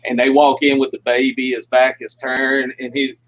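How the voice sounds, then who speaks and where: A man's voice: medium pitch, completely flat delivery, moderate pace, a bit bright, a little hiss or hum. Folksy man telling stories, muffled audio. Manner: folksy storyteller, laughs often. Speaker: guest puppeteer. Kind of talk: casual livestream chat, storytelling.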